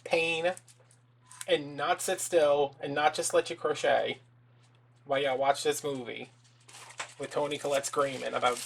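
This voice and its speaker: A man's voice: fairly high pitch, little pitch movement, measured pace, vocal fry, long pauses, fairly bright tone. A man giving voice to his restless pet dog, talking in a whiny, pleading way. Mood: pestering. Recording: audible background noise.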